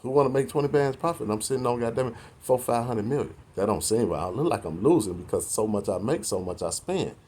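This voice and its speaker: A man's voice: medium pitch, lively intonation, quick pace, few pauses, mellow, husky. A man in his forties delivering a preachy, confrontational rant to the camera, full of slang and cursing. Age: 40s. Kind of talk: profane street-talk rant to the camera.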